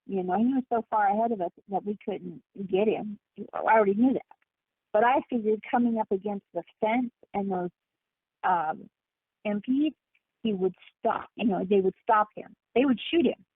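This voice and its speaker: A woman guest on a call-in talk show, telling her story in an animated, emphatic way over the phone. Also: medium pitch, moderate pace, slightly rough, dry recording. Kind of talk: casual phone interview. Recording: tinny phone line.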